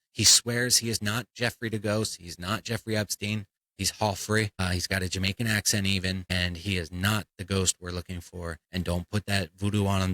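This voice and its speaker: A man's voice: low voice, bright, forceful tone, low-quality recording. A man hosting a comedy podcast, ranting in a blunt, profane, fired-up way. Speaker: podcast host.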